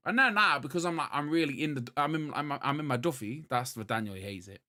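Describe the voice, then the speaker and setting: A British man in his thirties, a podcast co-host telling a story in a casual chat, moving between loud bursts and muttered asides. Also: on the high side, animated, fast, hardly any pauses.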